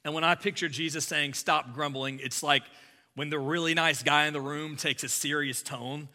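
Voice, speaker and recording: Pastor, male, bright and forceful delivery, conversational sermon with loud emphatic peaks. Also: fairly high pitch, fairly even intonation, normal speed, big-room sound.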